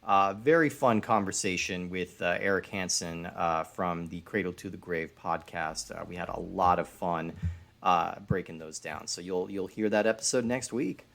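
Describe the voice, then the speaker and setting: A man co-hosting a movie podcast, relaxed and chatty with many fillers. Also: deep voice, moderate pace, vocal fry. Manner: relaxed, laughs easily, many uhs. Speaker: podcast co-host. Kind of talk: casual podcast chat.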